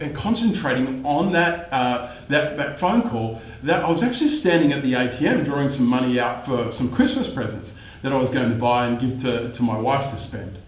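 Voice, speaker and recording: Enthusiastic sales trainer, roomy studio. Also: male voice, on the high side, darkish tone. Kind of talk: instructional talk to camera. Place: his studio, standing up.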